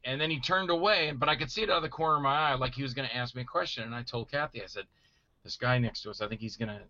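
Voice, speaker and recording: A middle-aged man telling stories in casual chat, animated and acting out voices he quotes. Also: mid-range voice, very fast, no room sound, highs cut off. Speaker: guest actor telling stories.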